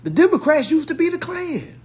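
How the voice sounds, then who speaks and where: A man's voice: very high voice, sing-song, normal speed, a little mellow. A man in a profane, mocking monologue to his followers, using blunt slang and repeating his retorts. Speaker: social media commentator.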